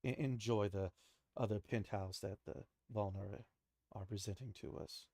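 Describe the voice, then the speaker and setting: A man's voice: on the low side, fairly even intonation, normal speed, dark tone, no room sound, clean studio sound, voice pushed down. A man voicing a stern, formal king and father who gives orders. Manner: formal and commanding.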